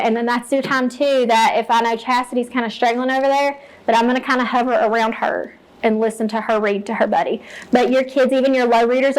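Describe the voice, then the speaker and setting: A woman teacher with a voice on the high side guides fellow teachers through her reading lessons, plainly explaining each step and modeling read-alouds. The audio quality is poor.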